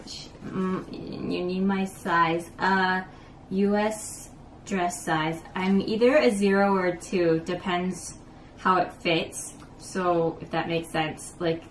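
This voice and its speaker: A young woman vlogging in a small apartment, chatting in a gushing, casual way, sprinkled with "like" and "um". Her voice sits a little low. The camera mic is some way off, so the sound is roomy and distant over a faint hum. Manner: warm, gushing, many fillers and "like". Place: small apartment room indoors.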